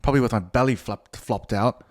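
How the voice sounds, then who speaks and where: A man's voice: medium pitch, a little fast. Middle-aged male podcast host, loose and profane, talking off the cuff. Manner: profane, rambling, self-mocking. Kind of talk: casual solo podcast monologue.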